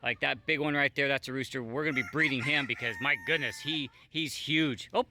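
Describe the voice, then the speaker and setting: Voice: mid-range voice, a little fast, noisy background. A vlog host reacting to clips in a casual, mocking way, often laughing.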